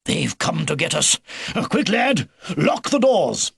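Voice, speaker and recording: A man voicing an elderly male beaver, a steady, fatherly grandfather who breaks his orders with small hesitations. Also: a little high, slow pace, creaky, breathy edge, dry recording, studio quality, full character voice. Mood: urgent.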